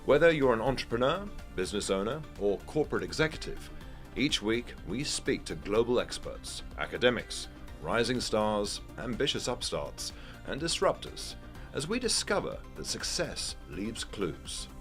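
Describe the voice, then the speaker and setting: A man's voice: lowish voice, big pitch swings, normal speed, a bit bright. A man reading a polished, scripted podcast intro as the show announcer. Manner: polished, promotional read. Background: music bed.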